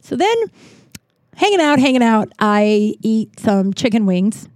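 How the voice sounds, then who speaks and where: A woman's voice: on the high side, very animated, unhurried, a little mellow, no room sound. Chatty, profane woman with a dry close sound. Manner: chatty, profane, rambling with many restarts. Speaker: podcast host. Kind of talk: casual storytelling monologue.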